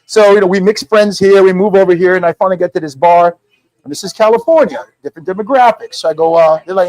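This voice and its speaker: Fast and high-voiced, a middle-aged man behind a whisky brand entertains a live liquor-store tasting with casual stories, playing the people in them and voicing their quoted words with animation. The sound has no echo but is rough.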